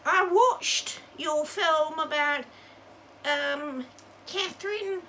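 A woman's voice: high voice, very slow, pushed and bright, a little hiss or hum, full character voice. A woman doing a comic impression of a flamboyant older Australian woman, arch and teasing, calling everyone darling. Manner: arch, gushing, calls people darling and dear.

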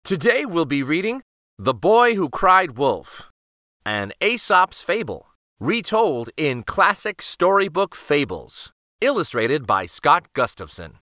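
A man reading a fable aloud for children, expressive and animated. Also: fairly high pitch, slow, dry recording, studio quality. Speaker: children's storyteller. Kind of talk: read-aloud for kids.

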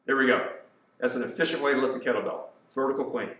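A man working as a fitness trainer, calmly cueing a kettlebell routine step by step. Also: mid-range voice. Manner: cueing movements step by step, slow and deliberate. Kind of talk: instructional exercise demonstration. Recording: echoey room, voice from far off.

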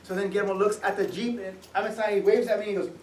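Man, high-pitched, animated storyteller at a public talk, echoey room, distant mic, faint hum. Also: fast talker. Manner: animated, laughing storyteller who acts out the people in his story. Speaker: author giving a public talk. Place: museum event space.

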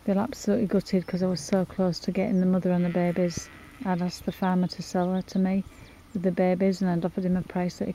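A woman's voice: on the low side, warm tone, slight background noise. A woman filming outdoors on a farm, speaking in an upset, apologetic way to a mother sheep, with sheep bleating behind her. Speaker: animal sanctuary owner. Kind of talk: emotional outdoor vlog.

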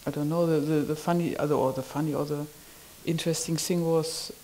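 A woman recalling a personal experience in conversation, halting and marvelling, often ending phrases with a questioning "yeah?". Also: low voice, steady tone, dark tone, slight background noise, rough recording. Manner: wondering, marvelling delivery. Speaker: community member sharing an experience.

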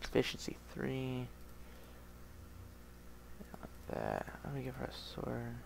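Here the same kind of gaming channel host, a man with a faint Southern US accent, rambles through casual gameplay commentary, thinking out loud and muttering to himself. His mid-range voice is creaky, swings hugely in pitch and moves slowly, with background noise behind it.

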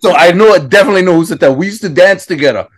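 High-voiced man chiming in fast. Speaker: host.

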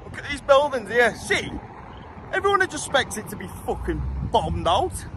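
Strolling through city streets, an English travel vlogger in his 20s talks casually, bluntly and with jokes, swearing freely. He speaks at a normal speed in an extremely high, sing-song voice over background noise.

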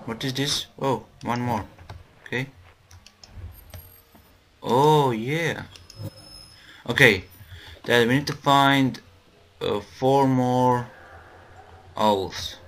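Slow-talking man narrating a game. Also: mid-range voice, fairly bright tone. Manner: jumpy, swearing, talking to his teddy. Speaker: gaming video host. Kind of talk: let's play commentary.

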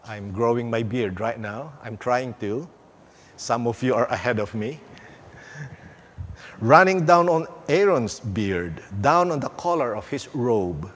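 A male pastor preaching a sermon in a church, unhurried, with playful asides and emphatic pauses. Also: medium pitch, lively intonation, fairly bright tone. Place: church sanctuary.

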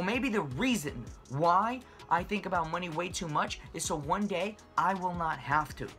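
Speaking to camera on his own finance channel, a man with a high, fairly bright voice launches into a passionate, emphatic rant about money, hammering home his points by repeating phrases.

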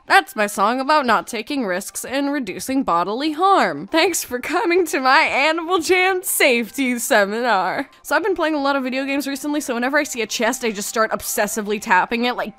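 A woman's voice: fairly high pitch, expressive, moderate pace, few pauses, a bit bright. A woman hosting a casual gameplay video, talking in a playful, jokey, self-mocking way as she plays. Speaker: gaming video host.

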